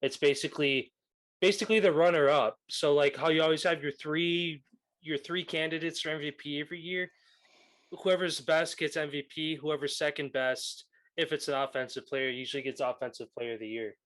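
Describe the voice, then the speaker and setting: A man's voice: fairly high pitch, steady tone, moderate pace, a bit bright. A young man co-hosting a podcast, chatting casually about sports and laughing often. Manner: laughs often, loose and joking. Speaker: podcast co-host.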